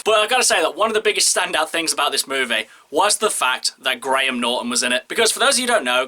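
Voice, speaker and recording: Man, film reviewer, quick chatty delivery, very bright tense voice, rather high. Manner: chatty and animated, speeding up and slowing down. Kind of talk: casual spoken review to camera.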